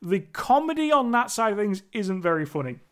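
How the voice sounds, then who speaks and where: A young man talks through a movie he watched, rambling and laughing as he goes. His voice sits high for a man. Now and then he acts out lines from the film. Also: sing-song, a little fast, fairly bright tone. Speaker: movie reviewer. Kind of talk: casual spoken movie review.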